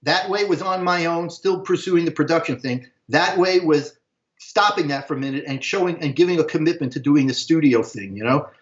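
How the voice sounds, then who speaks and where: Older american man, slightly high voice, rambling slangy storytelling, roomy dull stream audio. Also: brisk. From United States. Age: 60s. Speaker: interview guest. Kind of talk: casual storytelling.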